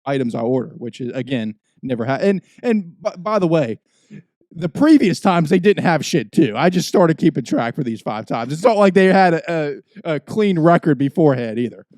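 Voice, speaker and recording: A young man, a podcast host, telling a profane, ranting story in casual chat, swinging between low mutters and loud outbursts. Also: very animated, normal speed, dry recording.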